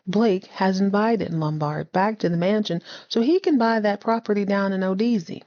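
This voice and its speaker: A woman's voice: mid-range voice, warm tone. Sassy woman podcast host, lo-fi. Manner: sassy, playful, acts out characters' lines in quick voices. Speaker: podcast host recapping a TV series. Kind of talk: casual recap commentary.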